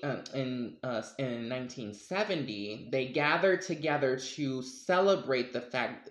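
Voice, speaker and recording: A man co-hosting a casual podcast chat, talking in an animated, emphatic way with slang and frequent laughs. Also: mid-range voice, echoey room. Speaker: podcast co-host.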